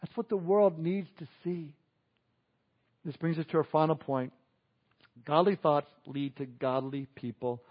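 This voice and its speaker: This sermon comes from a pastor who talks unhurriedly, leaving long pauses, and keeps things relaxed with chuckles and asides. His voice is on the high side for a man. The recording quality is dull and lo-fi, reminiscent of old church audio.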